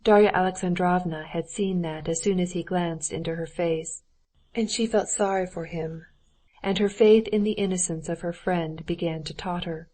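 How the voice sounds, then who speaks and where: A woman narrating a classic novel audiobook in a steady, even reading style. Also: lowish voice, moderate pace. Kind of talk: scripted narration.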